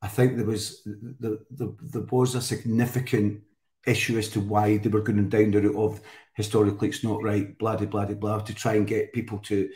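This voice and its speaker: A man's voice: on the low side, little pitch movement, moderate pace, a little mellow. A Scottish man chatting as a guest, telling stories in a rambling way with many restarts. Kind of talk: casual chat. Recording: roomy echo.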